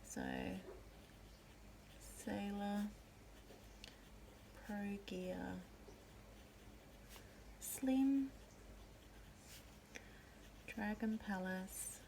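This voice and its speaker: A woman walks through her pen collection at an unhurried pace, naming each one gently. Her voice sits at an ordinary middle pitch. Faint room noise stays in the background. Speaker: pen and ink channel host. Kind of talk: slow show-and-tell narration.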